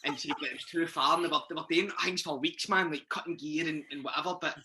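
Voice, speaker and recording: A man's voice: fairly high pitch, fast, sharp tone, a little hiss or hum. A young Scottish man in his twenties, guesting on a podcast and telling rambling, sweary dressing-room stories with lots of restarts. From Scotland. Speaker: guest footballer. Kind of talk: casual podcast chat.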